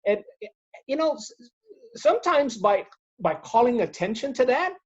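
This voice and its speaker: A man speaking as a guest on a video-call webinar, giving practical tips in an animated way, acting out examples as he goes. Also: extremely high pitch, normal speed, dull audio. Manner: animated, demonstrates tones and voices while explaining. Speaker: guest speaker on presentation skills. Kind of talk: webinar interview answers.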